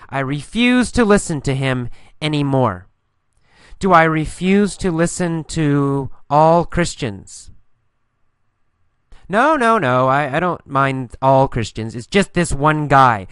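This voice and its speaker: Male English teacher, bright crisp voice, patient and repetitive, close dry mic. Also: a little high, dry recording. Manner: slow, patient, repeats key phrases and answers his own questions. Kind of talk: English listening lesson with questions and answers.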